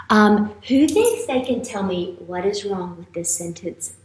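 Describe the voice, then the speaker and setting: A woman teacher leading a playful morning message for young students, with an animated, exaggerated manner. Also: medium pitch, measured pace, hardly any pauses. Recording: echoey room.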